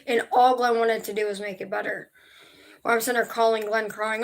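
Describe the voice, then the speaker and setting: A woman's voice: on the high side, level tone, brisk. A young woman talking casually on a livestream, emotional and rambling, swearing freely as she tells a personal story. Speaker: vlogger.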